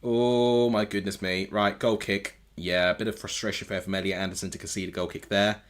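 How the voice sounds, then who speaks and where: A man's voice: lowish voice, little pitch movement, fairly quick. A man streaming a live football watchalong from home, reacting to the match and often correcting himself aloud as he goes. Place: home room with TV.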